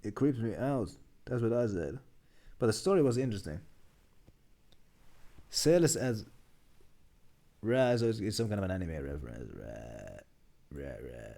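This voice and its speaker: Male streamer, casual meme commentary, lively pitch, mellow tone, rambling and self-correcting. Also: normal speed, long pauses. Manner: chatty, muttering, laughs at jokes, many restarts. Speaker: streamer reacting to memes.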